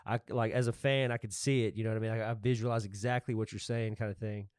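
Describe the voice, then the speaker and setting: A man's voice: lowish voice, steady tone, fast, darkish tone, clean tone, no room sound, clean studio sound. A man hosting a podcast, chatting casually and eagerly as a fan of the show. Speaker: podcast host. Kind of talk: casual chat.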